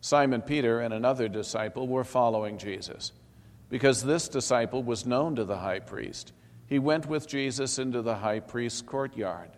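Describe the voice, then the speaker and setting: A man reading a Bible passage aloud in a steady, solemn manner. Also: mid-range voice, normal speed. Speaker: scripture reader. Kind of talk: scripted Bible narration. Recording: long hall reverb.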